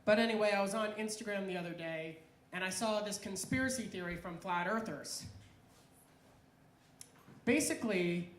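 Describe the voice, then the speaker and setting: A comedian doing an animated stand-up set at an open mic, acting out voices as she goes. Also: medium pitch. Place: club stage at open mic. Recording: echoey club room, faint noise.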